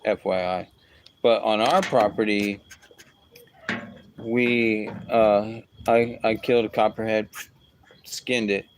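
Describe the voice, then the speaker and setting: A man telling a casual story, rambling along with asides and restarts. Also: a little hiss or hum. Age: adult with a young son. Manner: rambling, full of asides like "whatever" and "boom".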